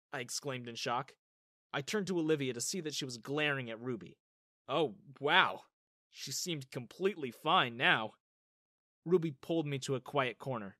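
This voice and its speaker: A woman storyteller narrating a story in the first person as a young man, in an animated manner. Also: extremely low pitch, normal speed, no room sound, studio quality.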